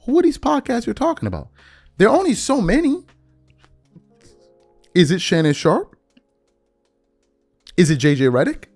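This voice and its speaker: A man hosting a sports podcast, giving an opinionated rant full of repeated rhetorical questions. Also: fairly high pitch.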